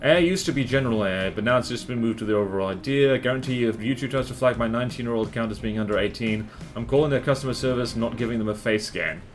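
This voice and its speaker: A man's voice: mid-range voice, very fast. A man streaming a strategy game live, chatting with his viewers and reacting to the battles on screen as he rambles through his opinions.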